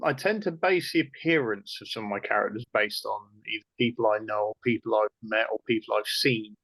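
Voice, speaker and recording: A man's voice: lowish voice, brisk, a bit bright, husky, no echo, low-quality recording. A man with an English Midlands accent chatting casually as a co-author guest in an interview, laughing easily. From England.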